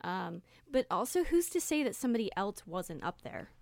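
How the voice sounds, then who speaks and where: A woman co-hosting a podcast, chatting casually and thinking aloud in a relaxed way. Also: mid-range voice, moderate pace, gravelly, no room sound, clean studio sound. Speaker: podcast co-host, moderator.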